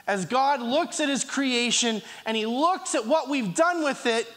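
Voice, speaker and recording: In a church hall with long reverb, this pastor preaches earnestly in a very high, somewhat bright voice. He reads from scripture, pausing and restarting along the way, and lets out a slight cough.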